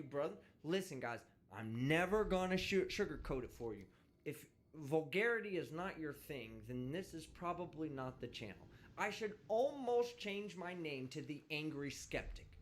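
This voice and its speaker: Brash, foul-mouthed man ranting. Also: a little high. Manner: brash, vulgar, animated ranting. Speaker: livestream host. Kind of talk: casual profane live-stream rant. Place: indoors, traveling.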